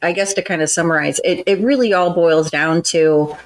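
A woman with a slightly low voice talks through advice in a relaxed podcast conversation. She explains things earnestly and at length, now and then acting out how a line can sound. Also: moderate pace, low-quality recording. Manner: earnest, explanatory, acts out tones of voice in examples. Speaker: podcast co-host. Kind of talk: casual advice chat.

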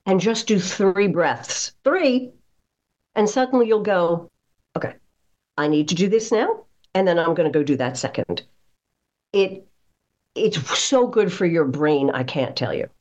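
A middle-aged woman voice coach talks through her advice in a lower voice that rises and falls widely. She acts out little quoted reactions with playful energy. The recording sounds dull and lo-fi. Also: animated, a little slow, pauses often, darkish tone. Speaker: voice coach, guest. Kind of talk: interview answers, coaching tips.

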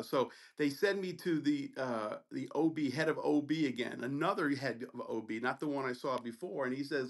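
A middle-aged man telling a story on a podcast in a casual, animated, profane way, acting out the people in it. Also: medium pitch, normal speed, creaky, few pauses. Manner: animated, profane, acts out voices in his story. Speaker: podcast co-host.

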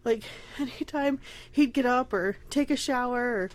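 Hosting a casual podcast of her own, a young pregnant woman speaks with candor and rambles, frequently close to crying and letting out nervous laughs. Her voice is a little high and she speaks a little slowly.

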